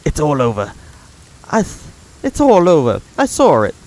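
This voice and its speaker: A man doing a gentle trader's wife. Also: a little high, huge pitch swings, normal speed, rough recording. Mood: relieved. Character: gentle young-ish female trader's wife.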